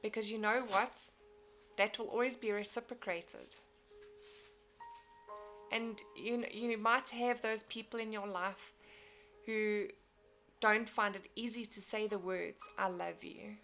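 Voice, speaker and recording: A woman's voice: medium pitch, fairly even intonation, slow pace, pauses often, a bit bright, faint music behind. A young woman, hosting a casual motivational live stream, talking earnestly and reading out viewer comments. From South Africa. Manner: earnest, repeats and restarts phrases.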